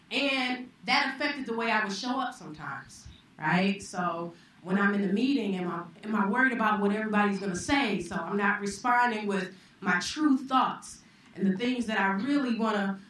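Woman storyteller, live slam, conversational, slightly high, echoey far-off hall sound. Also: a bit bright. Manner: conversational, reflective, with pauses and restarts. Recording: echoey hall, distant mic, faint noise.

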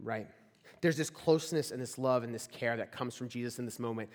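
Here a campus ministry speaker, a young man with a mid-range voice, talks slightly fast during a casual sermon built on storytelling. He addresses a live crowd in a large hall, chatty and heavy on "like" while asking the room questions, and the recording has strong echo.

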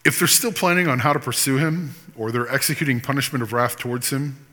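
A male pastor preaching with a bright, forceful voice that swings from loud emphatic scripture to quieter explaining. His sermon rings out with a long hall reverb. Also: mid-range voice, fast. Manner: impassioned preaching, reading scripture aloud with teaching asides.

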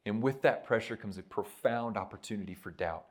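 A man preaching a sermon at a church retreat, talking conversationally and stressing his points with quick asides. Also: on the low side. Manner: conversational and emphatic, tags points with "right?".

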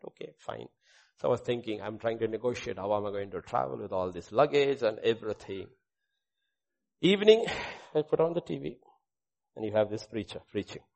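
A middle-aged male pastor preaching a sermon with a personal testimony, swinging between loud proclamation and hushed asides. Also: mid-range voice, sing-song, moderate pace, vocal fry.

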